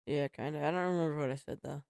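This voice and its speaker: A man's voice: fairly high pitch, steady tone, racing, vocal fry, darkish tone, dry recording. A young man with a slightly raised voice chats on a podcast, hesitating and trailing off with "like" and "I don't know." The sound is close and dry. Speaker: podcast co-host. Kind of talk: casual chat.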